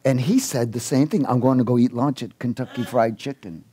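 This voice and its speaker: A man preaching a sermon, telling a personal story and acting out the dialogue in it, with halting restarts and chuckles. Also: mid-range voice, a little hiss or hum. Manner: animated storyteller, acts out dialogue.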